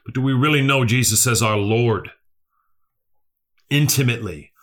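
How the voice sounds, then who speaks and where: Bright-voiced preacher man. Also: medium pitch, moderate pace. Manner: earnest, repeats key phrases, asks the listeners questions. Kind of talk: sermon.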